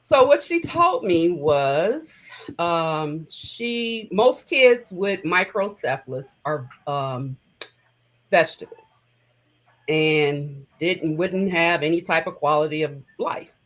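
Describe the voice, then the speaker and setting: A woman's voice: low-pitched, expressive, slow, fairly bright tone, poor audio. A middle-aged woman telling a personal story as an interview guest, conversational and emotional, with many fillers.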